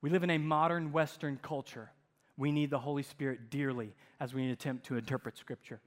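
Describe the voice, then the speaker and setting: A man preaching a sermon as pastor, telling stories with dramatic swings in loudness. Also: medium pitch, fairly quick. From United States. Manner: animated storytelling, dramatic shifts in loudness. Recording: long hall reverb.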